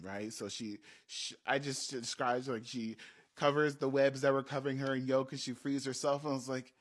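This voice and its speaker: A man telling a story casually to the camera, animated and tagging his sentences with "right?". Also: medium pitch, moderate pace.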